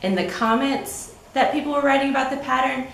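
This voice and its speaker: A woman's voice: high voice, a little fast, vocal fry, fairly bright tone, roomy sound, slight background noise, poor audio. A woman co-hosting a podcast, chatting casually about her knitting with frequent ums and light laughs. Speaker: podcast co-host.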